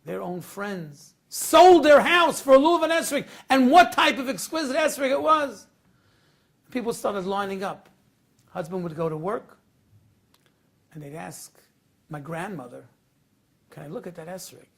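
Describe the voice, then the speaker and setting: A rabbi tells a sermon story to draw a lesson, his very high, gravelly voice carrying a lilt. He's animated and dramatic, acting out scenes at a measured pace with long pauses, moving between hushed tones and loud, emotional peaks.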